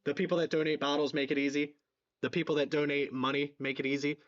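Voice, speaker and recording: Philly-male stream host, excitable, repeats lines, slightly muffled audio. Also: on the high side, fast talker. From southeastern Pennsylvania. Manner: excitable, repeats himself, reads donations aloud. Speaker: livestream fundraiser host. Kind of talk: live stream chat.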